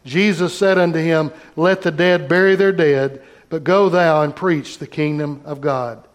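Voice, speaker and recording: A man's voice: on the high side, fairly even intonation, measured pace. A man pastor preaching a sermon, reading scripture aloud and talking directly to his congregation.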